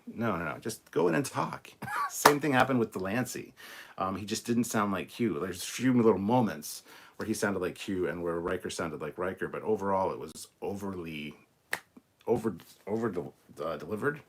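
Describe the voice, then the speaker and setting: A low-pitched British man hosts a casual livestream, reacting to an episode and thanking his viewers. He talks in an excited, rambling way, full of ums and quick laughs. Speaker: livestream host.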